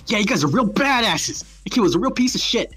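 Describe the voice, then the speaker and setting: A man's voice: high-pitched, very animated, fast, fairly bright tone, faint music behind, voice pushed up. A man doing a hopped-up jumpy street girl. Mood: hyped. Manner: hyper, streetwise, slangy. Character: jumpy coked-up young woman street runner.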